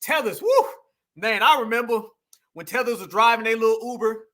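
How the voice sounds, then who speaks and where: A man hosting a livestream, delivering animated, profane ranting commentary straight to his audience. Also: extremely high pitch, normal speed. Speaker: livestream host.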